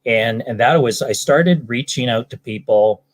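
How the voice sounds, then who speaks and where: With a mid-range voice at normal speed, a guest who sells for a living, from British Columbia, Canada, responds to interview questions. His answers meander, packed with ums and restarts.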